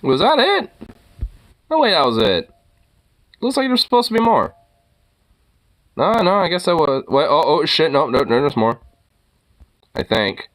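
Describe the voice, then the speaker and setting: A young man with a slightly high voice talks through a clip he is watching. He swears freely, sounds incredulous and often breaks into laughter. His asides are loose and offhand. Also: very animated, a little slow, long pauses, a bit bright. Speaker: reaction streamer. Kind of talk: casual video reaction commentary.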